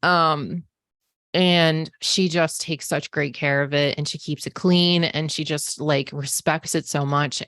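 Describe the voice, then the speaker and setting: A woman in her forties with a low, fairly bright voice chats casually through a personal story, full of "like" and "um." She hosts a podcast and works as a psychic medium. The audio is studio quality, with no echo.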